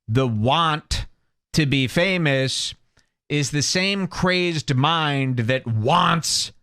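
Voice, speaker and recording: A man's voice: on the high side, very slow, bright, forceful tone, clear, resonant tone. A man hosting a comedy podcast, riffing and mocking with big swings. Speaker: podcast host.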